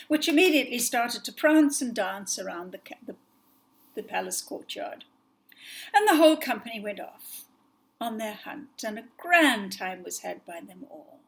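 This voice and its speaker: A woman storyteller telling an old fairy tale by heart. Her voice sits fairly high, and her telling is gentle and expressive, at times sinking to a near whisper. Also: normal speed, low-quality recording. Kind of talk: fairy tale told from memory.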